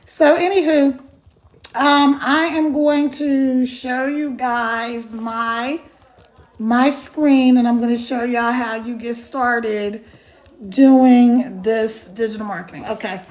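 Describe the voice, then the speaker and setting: A woman's voice: a little high, fairly even intonation, slow pace, a little mellow. A middle-aged woman chatting casually on a live stream, rambling and greeting viewers by name.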